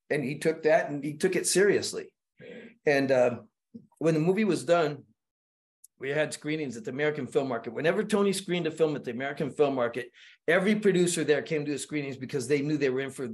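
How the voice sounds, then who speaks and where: Animated, rather high-voiced male storyteller. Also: a little fast. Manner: animated, with many repeated words and acted-out quotes. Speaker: guest screenwriter. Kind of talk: casual storytelling on a podcast.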